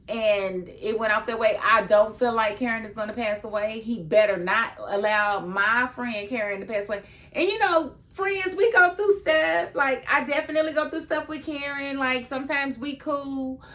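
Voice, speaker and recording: A woman giving a casual video review of a TV episode, talking emphatically and laughing often, then dropping into a lower, confiding tone. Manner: emphatic and animated, with frequent laughs; chatty, drops into a low, confiding tone.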